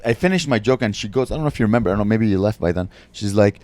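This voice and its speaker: Brash low-voiced male comic telling stories. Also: rapid-fire, no room sound. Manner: animated anecdote telling, brash and profane. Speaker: podcast host and stand-up comedian. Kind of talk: casual storytelling chat.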